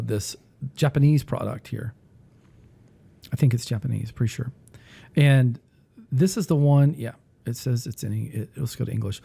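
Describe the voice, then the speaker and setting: A man hosting a casual talk who rambles and thinks aloud while he clicks through music software. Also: mid-range voice, vocal fry. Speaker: music teacher and podcast host.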